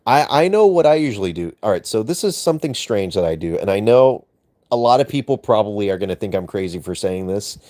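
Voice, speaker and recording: Picture a young man hosting a late-night livestream, his low voice swinging up and down as he jokes and teases the chat. It sounds close and dry, with no room around it. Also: lively intonation, fairly quick, darkish tone, no room sound. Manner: playful, teasing, joking innuendo.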